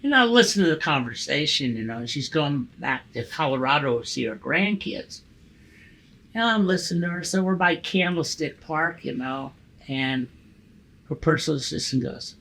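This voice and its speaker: A man in his sixties, a podcast guest, telling profane, animated stories in casual conversation and acting out the dialogue. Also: a little high, moderate pace, rough recording. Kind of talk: casual storytelling interview.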